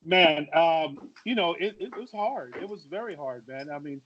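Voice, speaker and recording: Man, 40s, podcast storyteller with a fairly high voice, dull dry lo-fi audio. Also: animated, normal speed, fairly bright tone. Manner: anecdotal, repeats and restarts phrases. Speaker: podcast co-host, former football player. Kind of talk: casual storytelling chat.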